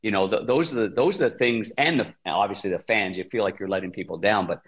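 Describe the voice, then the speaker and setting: A man's voice: on the low side, quick pace, a bit bright. Folksy, rambling man co-hosting. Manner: rambling, self-correcting, folksy. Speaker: podcast co-host. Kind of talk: casual podcast chat.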